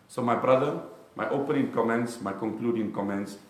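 A middle-aged man preaching a sermon, animated and storytelling, shifting from hushed to loud. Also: mid-range voice, a little fast. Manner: animated, swings from hushed to loud, addresses listeners as bro. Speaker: imam and lecturer. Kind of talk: lively sermon with storytelling and humor. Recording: echoey room.

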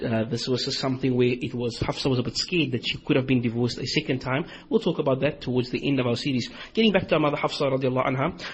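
A man's voice: medium pitch, slightly rough, rough recording. A man giving an Islamic lecture in a series, retelling stories animatedly with quoted dialogue.

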